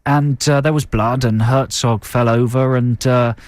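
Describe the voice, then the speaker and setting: A man's voice: medium pitch, fairly even intonation, measured pace, a little mellow, dry recording. A man hosting a radio show in casual chat, chatty and laughing often. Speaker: radio host.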